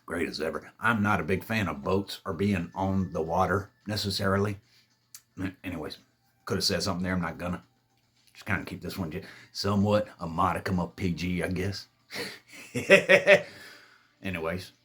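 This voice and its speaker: A man with a deep, slightly rough, fairly bright voice tells a spooky party story a little fast with fairly even intonation. He drawls in a laid-back way, swears heavily, and acts out what his friends said.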